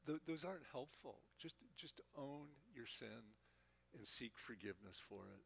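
A man's voice: mid-range voice, expressive, moderate pace, gravelly, fairly bright tone, breathy edge. A man teaching a Bible class, speaking earnestly and often repeating words as he talks. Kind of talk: church teaching talk.

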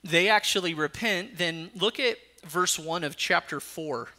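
A pastor preaches in a high, bright, forceful voice at a slightly slow pace, reading scripture aloud between teaching points. When he voices Jonah's anger, his voice rises sharply.

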